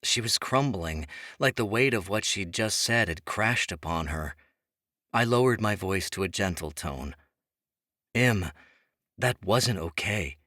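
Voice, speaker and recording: A man's voice: low voice, expressive, unhurried, sharp tone, no echo. Man narrating an audiobook, dry booth sound. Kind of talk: first-person audiobook narration.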